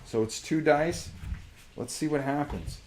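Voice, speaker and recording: Sore-voiced male stream host, unhurried, rules-checking chatter. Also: on the high side, a little mellow, a little hiss or hum. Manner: thinks aloud, checks rules, mutters to himself. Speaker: host playing a solo board wargame on a live stream. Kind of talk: casual live-stream gameplay commentary.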